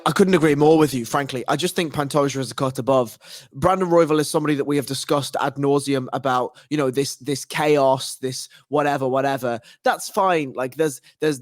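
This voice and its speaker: A man's voice: mid-range voice, no echo, clean studio sound. A man, co-hosting a podcast and stressing his points by repeating words. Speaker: podcast co-host. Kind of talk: casual sports podcast chat.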